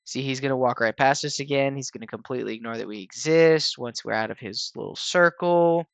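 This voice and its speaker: A man talks viewers through a game fight in an easygoing, rambling voice-over full of "um"s, "like"s and restarts. His voice sits at an ordinary middle pitch and sounds a bit tired. The recording is dry and close, with no room sound. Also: brisk, gravelly, clear, resonant tone, no room sound. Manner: relaxed and rambling, with frequent fillers and restarts. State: tired, yawning. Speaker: gaming channel host explaining a raid. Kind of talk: casual gameplay walkthrough voice-over.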